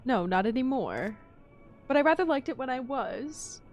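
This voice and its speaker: A woman's voice: sits high, lively intonation, normal speed, highs cut off, faint music behind, pitched above the performer's own voice. A woman voicing an aloof older English lady with a languid, haughty drawl.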